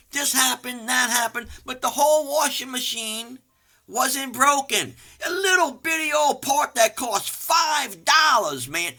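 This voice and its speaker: An older man preaching an energetic, folksy sermon, animated and self-mocking, swinging from loud outbursts to hushed asides. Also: extremely high pitch. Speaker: pastor.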